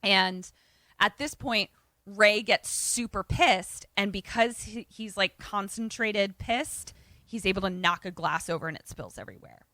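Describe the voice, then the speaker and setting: Her mid-range voice carries no echo as she co-hosts a podcast, going over a movie casually and without hurry. The woman makes it an animated retelling, playing out the characters' lines.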